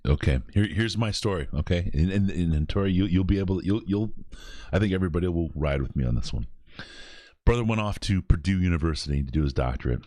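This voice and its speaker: A man with an extremely low, deep voice hosts a podcast in easy, laughing chat. His voice sits close and dry on the mic, with no room around it. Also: quick pace, dry recording. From Michigan. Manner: laughs often, animated storyteller. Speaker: podcast host. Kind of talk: casual chat.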